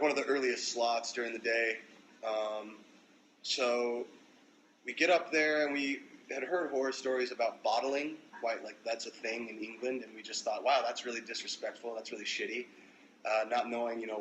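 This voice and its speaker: Young man, mid-pitch, casual profane storyteller on a phone livestream, light background noise. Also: rough recording. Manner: loose, profane, animated storytelling. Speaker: musician livestreaming to fans.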